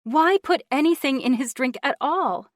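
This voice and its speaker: A woman's voice: expressive, moderate pace, no room sound, studio quality. A woman voicing an anxious young assistant. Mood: indignant. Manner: high, urgent, reassuring.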